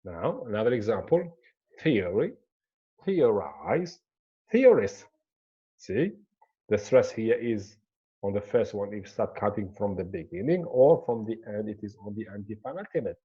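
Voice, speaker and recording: Male pronunciation teacher, lively pitch, dark husky tone, dull lo-fi sound. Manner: slow, repetitive explaining, pointing at the board. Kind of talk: classroom lecture.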